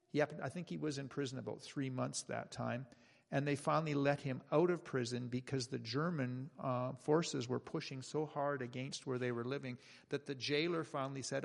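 A man preaching in a church, his voice gravelly and mid-pitched. He is earnest and slows down when he reads passages aloud, and there is a long echo of a hall around him. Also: fairly even intonation. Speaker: pastor. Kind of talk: sermon with read-aloud story.

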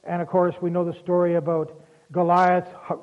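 A man's voice: high voice, monotone, moderate pace. A man preaching a sermon in a folksy, conversational way, with personal asides. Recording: tinny phone-like sound.

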